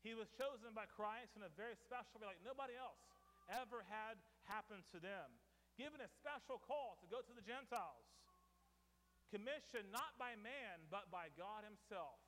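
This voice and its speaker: A man preaching a sermon, emphatic and repetitive, with dramatic pauses. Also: high-pitched, lively intonation, fairly bright tone. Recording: long hall reverb.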